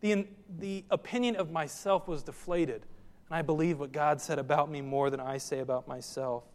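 A man's voice: a little high, fairly even intonation, normal speed, darkish tone, long reverb tail. A man preaching a sermon as pastor, earnest and direct, often putting questions to his listeners.

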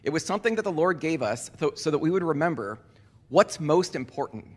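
Male pastor, communion sermon, earnest and deliberate, slightly high voice, long church reverb. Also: lively intonation. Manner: earnest, deliberate, repeating key phrases for emphasis. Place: church sanctuary.

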